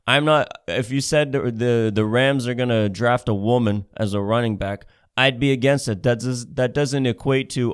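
A man's voice: mid-range voice, moderate pace, hardly any pauses, clear, resonant tone. A man hosting his own show, ranting in a blunt, profane way and often repeating himself as he restarts sentences. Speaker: show host. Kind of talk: casual rant.

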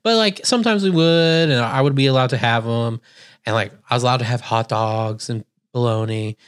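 A young man co-hosts a casual podcast in a mid-range, clean-toned voice, talking a little fast. He tells rambling stories in a laid-back, profane way.

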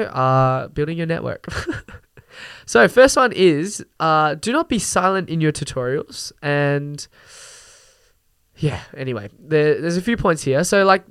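A young man hosts a podcast and rants casually, full of fillers, laughs and the odd swear word. His voice sits a little high and sounds smooth and clear. The recording is dry and close, with no room sound. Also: fairly bright tone, no room sound. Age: young adult. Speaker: podcast host. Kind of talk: casual rant.

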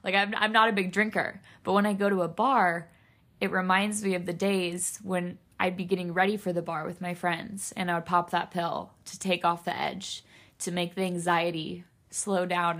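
A woman's voice: on the low side, level tone, moderate pace, a bit bright. A young woman hosting a solo podcast, speaking earnestly and emotionally straight to her listeners, near tears. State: tearful. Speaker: podcast host.

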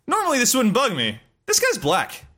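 A man's voice: very high-pitched, huge pitch swings, normal speed, bright, forceful tone, a little hiss or hum. A man ranting in a casual chat about a video game, rambling, swearing and laughing often.

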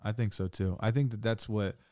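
A young man telling a wild story in casual chat, saying "like" a lot and swearing freely, getting animated. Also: lowish voice, brisk, no room sound, studio quality. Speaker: podcast guest.

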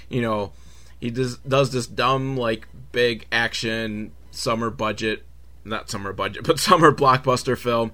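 A man's voice: mid-range voice, bright, forceful tone. A man hosting a podcast, recapping a film in a casual, comedic way. He rambles, gets sidetracked, corrects himself and swears freely. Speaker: podcast host reviewing films.

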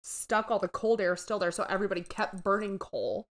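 Woman podcast co-host, chatty, laughs a lot, lots of fillers, middle pitch. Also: steady tone, fairly quick. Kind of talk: casual chat.

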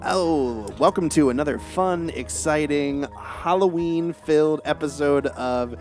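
A man's voice: fairly high pitch, a little slow, a little mellow, soft background music. A man hosting a podcast in casual chat, goofy and laughing often, recorded in a room at home with a film playing behind. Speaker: podcast host.

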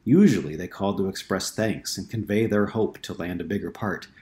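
A man narrating an audiobook in a steady, measured way. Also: deep voice.

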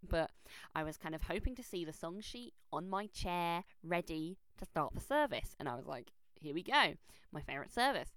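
A young woman telling a personal story in a chatty, animated way, full of fillers and restarts. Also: fairly low pitch, moderate pace, hardly any pauses, clear, resonant tone, no echo. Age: young adult. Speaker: vlogger. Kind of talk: casual storytelling. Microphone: close microphone.

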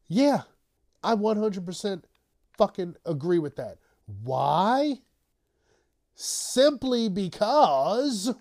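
Slow-talking, rambling, profane male podcaster. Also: on the high side, darkish tone. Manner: rambling, profane, trails off and mumbles. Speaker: podcast host. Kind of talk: casual solo news commentary.

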